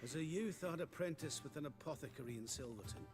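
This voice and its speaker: An actor voices an old escaped prisoner in a fantasy game who recounts his escape plainly and calmly, at an ordinary middle pitch. Game music plays clearly behind him. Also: fast, lightly acted. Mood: recounting. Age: older. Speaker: game character. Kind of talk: game cutscene dialogue.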